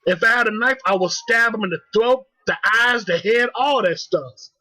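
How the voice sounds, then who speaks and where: A man's voice: high-pitched, normal speed, bright, forceful tone, dry recording, low-quality recording. A young man ranting angrily to the camera, heated and profane, repeating himself. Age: young adult. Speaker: vlogger. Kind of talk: angry rant.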